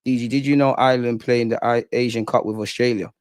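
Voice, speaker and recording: A man's voice: fairly low pitch, level tone, fast talker, hardly any pauses, no echo, clean studio sound. A young man with a London accent, hosting a casual live chat with slang and reading out viewer comments. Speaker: livestream host.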